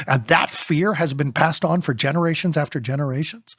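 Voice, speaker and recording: A man co-authoring a book, talking in an animated way in a podcast discussion and firing off rapid rhetorical questions. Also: on the high side, husky, no echo, clean studio sound. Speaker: co-author and speaker.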